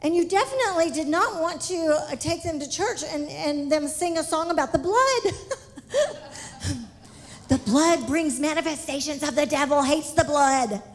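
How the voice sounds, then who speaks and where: A woman giving an exuberant missionary testimony in church, shouting praise and laughing often. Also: sits high, lively intonation, normal speed.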